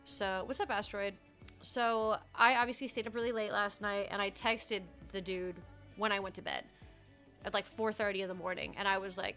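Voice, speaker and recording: A young woman livestreamer in casual chat, telling stories in a chatty, animated way and swearing freely. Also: medium pitch, moderate pace, faint music behind.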